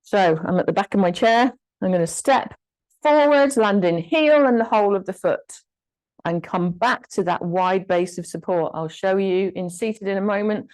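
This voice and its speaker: A woman instructor guiding a gentle exercise class, giving encouraging cues and short counted commands. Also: mid-range voice, normal speed, low-quality recording. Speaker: fitness instructor.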